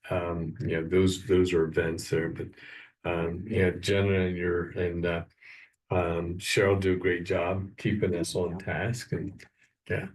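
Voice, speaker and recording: Midwestern American man, very low voice, halting commissioner, heard off-mic. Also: flat delivery, recorded from a distance. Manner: halting, many uhs and ums. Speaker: county commissioner. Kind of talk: public meeting announcements. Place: county government meeting room.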